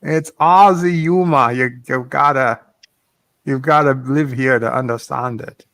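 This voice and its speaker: A man joking on a video call, hamming up a mock Australian bartender routine with dry, deadpan delivery. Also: medium pitch, measured pace, dry recording. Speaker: pub chat regular. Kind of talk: joking banter in a virtual pub show.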